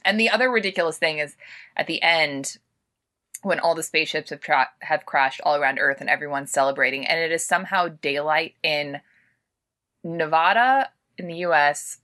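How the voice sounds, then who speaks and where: A woman's voice: deep voice, moderate pace, pushed and bright. A woman discussing a movie in casual podcast chat, wry and laughing often.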